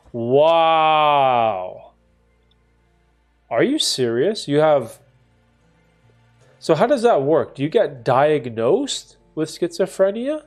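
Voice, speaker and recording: A man's voice: fairly high pitch, very animated, slow, long pauses, faint music behind. Congested man chatting on a stream. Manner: reads chat messages aloud and reacts, conversational with many fillers. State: congested, stuffy nose. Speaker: streamer answering chat. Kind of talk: casual live-stream chat.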